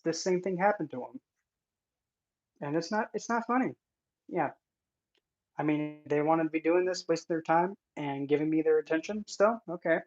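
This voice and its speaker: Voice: mid-range voice, darkish tone. An occult content creator giving casual vlog commentary in an indignant, sarcastic manner. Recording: dull lo-fi recording.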